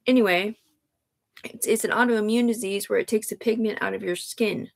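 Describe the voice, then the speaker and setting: A woman on a livestream talks in an agitated, rambling run-on way, swearing a lot, restarting sentences and calling her listener sir while sighing and upset. Her voice is medium-pitched and steady with vocal fry, at a moderate pace.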